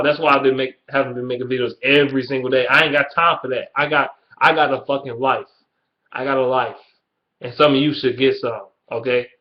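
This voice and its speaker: Early-20s man, Detroit accent, mid-range voice, heated profane vlog rant, muffled lo-fi sound. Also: mid-range voice. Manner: blunt, heated, swears constantly. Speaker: YouTuber. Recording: dull lo-fi webcam audio.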